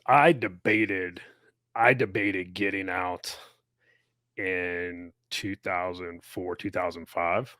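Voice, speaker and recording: A man co-hosts a podcast with a very low voice, talking in a laid-back, easygoing way. He often restarts and repeats words. The sound is close and dry. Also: fairly even intonation, slow, a bit bright, dry recording. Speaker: podcast co-host, retired soldier. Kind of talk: casual chat.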